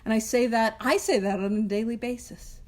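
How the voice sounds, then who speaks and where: Young woman running a book study, kinda high voice, talks fast and loose, laughs at herself a lot. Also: fairly even intonation, darkish tone. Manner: chatty, self-deprecating, laughs often and jumps between voices. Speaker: study group leader. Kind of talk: casual Big Book study talk.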